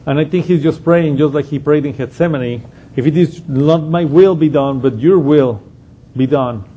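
A man's voice: fairly high pitch, moderate pace, mellow, breathy edge, muffled recording. A man giving an unscripted Bible study lesson, explaining a passage step by step and thinking aloud as he goes. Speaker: Bible teacher.

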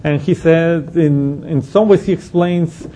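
A man's voice: fairly high pitch, measured pace, warm tone. A man giving an unscripted Bible study lesson, explaining a passage step by step and thinking aloud as he goes. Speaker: Bible teacher.

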